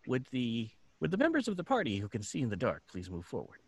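A man's voice: medium pitch, wildly swooping pitch, fast, a little mellow, slightly rough, no room sound. A man playing a tabletop game, talking hesitantly and restarting his sentences. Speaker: player. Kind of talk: casual tabletop game talk.

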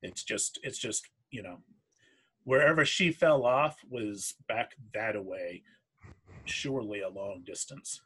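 A man narrating as game master of a tabletop game, halting with many fillers and restarts. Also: fairly low pitch, fairly bright tone, breathy edge.

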